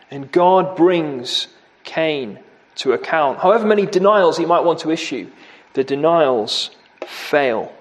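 A man's voice: high voice, expressive, measured pace. A man preaching a sermon, grave and emphatic, repeating key words for weight.

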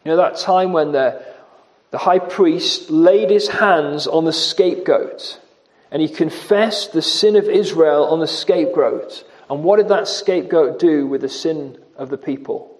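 A man with a fairly high voice delivers an expository sermon. He slows his pace to emphasize quoted scripture and repeats important words.

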